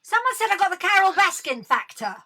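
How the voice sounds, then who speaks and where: A woman's voice: very high voice, sing-song, fairly quick, bright, forceful tone. Camp, sarcastic woman hosting a late show. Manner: camp, sarcastic and theatrical, with swearing; chews chocolate while talking. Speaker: host of a late-night livestream. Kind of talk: chatty live show, reading out viewer comments.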